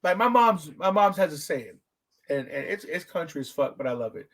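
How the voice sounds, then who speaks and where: A man hosting a podcast, telling stories in a casual, profane, animated way. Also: normal speed. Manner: animated, profane storytelling with big pitch swings. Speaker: podcast host.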